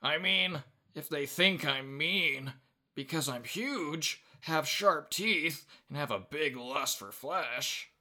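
A man voicing a huge, misunderstood male shark reading out his diary in a slow, earnest way. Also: fairly high pitch, bright, forceful tone, pitched above the performer's own voice, exaggerated voice. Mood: aggrieved.

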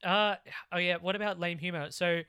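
A man's voice: sits high, steady tone, normal speed, sharp tone, clear, resonant tone. A man co-hosting a casual chat, recapping a film plot with sarcastic asides. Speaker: podcast co-host.

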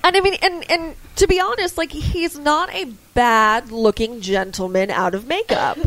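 A woman co-hosting a podcast in casual chat, telling a story in an animated, gushing way. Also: high voice, normal speed, no echo, low-quality recording. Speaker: podcast co-host.

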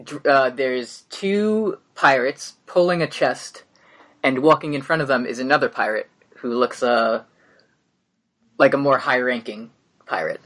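A man's voice: mid-range voice, unhurried, fairly bright tone. Casual man running a tabletop game. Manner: casual, hesitant with many fillers. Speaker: game master.

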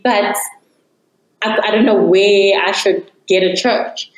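A young woman earnestly telling her personal faith testimony as an interview guest. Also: lowish voice. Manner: earnest, reflective storytelling. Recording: echoey room.

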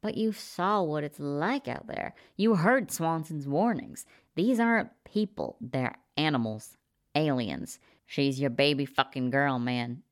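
A man's voice: a little high, a little slow. A woman voicing a swaggering right-wing prepper man who talks crudely and rallies his friends in a storybook reading. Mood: fired up. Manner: crude, fired-up rallying talk.

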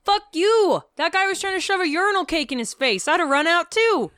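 A woman's voice: extremely high pitch, brisk, no room sound. A woman co-hosting a casual podcast, recapping a movie with lots of swearing and laughter, acting out the characters' lines. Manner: animated, profane, acts out quotes with laughter. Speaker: podcast co-host.

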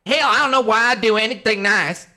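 A woman playing a grumpy, touchy cook who answers in a gruff, huffy, defensive way. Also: on the high side, a little fast, bright, forceful tone.

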